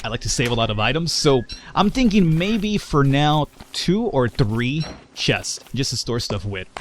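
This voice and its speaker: A man's voice: medium pitch, a little slow, slight background noise. A man hosting a casual let's play, chatting and joking as he plays. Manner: chatty, jokey, animated. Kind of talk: casual gameplay commentary.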